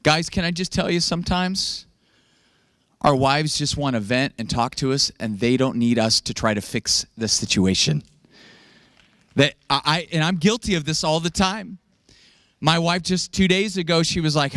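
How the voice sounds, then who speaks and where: Joking higher-pitched male pastor, dry sound. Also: moderate pace, dry recording. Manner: animated, joking, acts out quotes in raised voice. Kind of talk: sermon.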